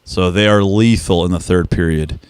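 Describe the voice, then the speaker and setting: A man's voice: low-pitched, normal speed, a little mellow, clear, resonant tone, no echo. A man co-hosting a live hockey watch-along in a studio, chatty and jokey as he reads out stats. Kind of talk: casual live chat. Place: team studio.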